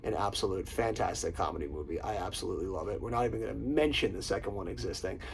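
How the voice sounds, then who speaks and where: A man's voice: deep voice, quick pace, gravelly, slight background noise, rough recording. A man hosting a casual movie countdown, swearing often and gushing about his favorite comedies. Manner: profane, enthusiastic, quotes lines in put-on voices. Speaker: host.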